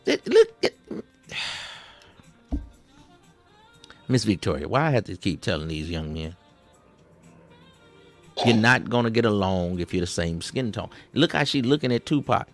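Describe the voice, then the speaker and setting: A man's voice: fairly low pitch, expressive, moderate pace, fairly bright tone, faint music behind. A man hosting a satirical commentary over clips. He rambles, keeps repeating "see", stumbles over restarts and talks in Southern slang with a drawl. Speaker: host reacting to clips.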